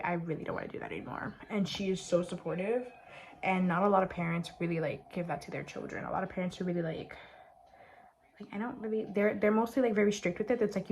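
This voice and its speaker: A woman's voice: on the low side, darkish tone, a little hiss or hum. A young woman chatting casually while doing her makeup, sarcastic and full of "like" fillers. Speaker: beauty vlogger. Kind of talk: casual get-ready-with-me chat.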